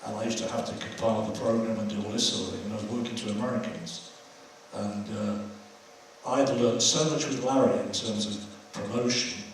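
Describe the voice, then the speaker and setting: A man's voice: mid-range voice, slight background noise. An older man hosting an audience Q&A after a film screening, telling chatty anecdotes. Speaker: host taking audience questions. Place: screening hall. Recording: echoey hall from far off.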